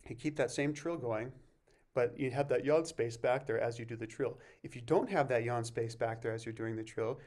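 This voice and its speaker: A man teaching a vocal masterclass, explaining warm-ups and breathing in a relaxed way and breaking off to sing short examples. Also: mid-range voice. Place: music camp masterclass recording.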